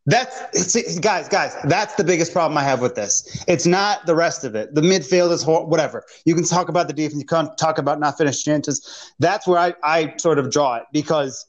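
A man hosting a football talk show, laying out his view in a measured way with frequent fillers. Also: a little high, low-quality recording. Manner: measured, hesitant, many fillers. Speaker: sports talk show host. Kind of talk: hosting a sports discussion.

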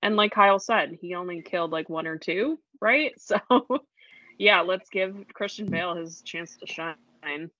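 A woman with a bright, low-pitched voice for a woman speaks in a casual podcast chat with a playful, announcing manner. Her voice comes through a dry, dull lo-fi mic. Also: fairly even intonation, a little slow, no echo.

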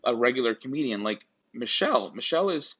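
A man's voice: mid-range voice, very animated, fast, a bit bright, breathy edge. A man co-hosting a podcast in casual chat, rambling with many restarts and asides. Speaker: podcast co-host. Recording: dull lo-fi sound.

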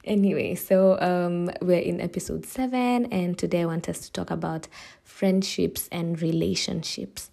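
A young woman hosting a casual solo podcast, chatty and emotional and quick to laugh. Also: lowish voice, fairly even intonation, creaky, mellow. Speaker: podcast host.

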